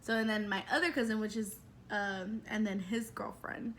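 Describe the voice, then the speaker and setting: A woman in her twenties, a vlogger telling a personal story in a chatty, animated way with lots of fillers. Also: mid-range voice, moderate pace, a little hiss or hum. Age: 20s. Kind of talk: casual storytelling.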